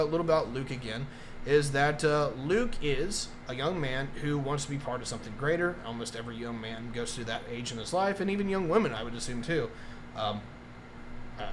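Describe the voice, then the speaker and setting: A man's voice: mid-range voice, noisy background. A man rambling through a casual live-stream review, with many fillers and restarts.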